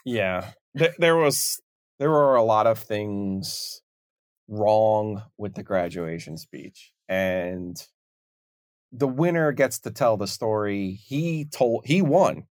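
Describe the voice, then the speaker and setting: A man hosting a podcast, talking in a measured, conversational way. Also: on the low side, expressive, no room sound, studio quality. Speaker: podcast host.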